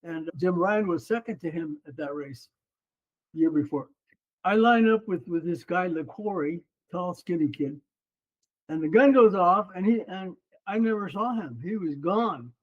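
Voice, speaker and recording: An older man in his seventies, a former runner and coach, recounts his racing days as a podcast guest. His voice sits high for a man and stays lively throughout. The audio is slightly dull and muffled. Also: normal speed. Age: 70s. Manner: lively, animated storyteller. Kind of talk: casual storytelling interview.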